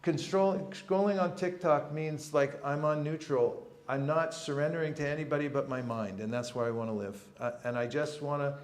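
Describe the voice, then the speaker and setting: Speaking at an ordinary pace with few pauses, this seminar teacher has a slightly high, fairly even-toned voice. Before an audience in an echoing temple hall, he jokes around and dramatizes encounters on the street in a lively talk.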